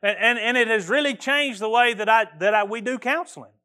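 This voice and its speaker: A man's voice: very high voice, fairly quick, pushed and bright, smooth. A middle-aged man, preaching a sermon as pastor in a folksy, earnest way, often restarting his phrases.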